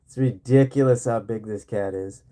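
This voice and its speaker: A man's voice: on the low side, normal speed, warm tone. A man chatting casually and rambling on a live stream from home, with lots of fillers and easy laughter. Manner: rambling, laid-back, laughs often, many fillers. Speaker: livestream host. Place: home in rural area.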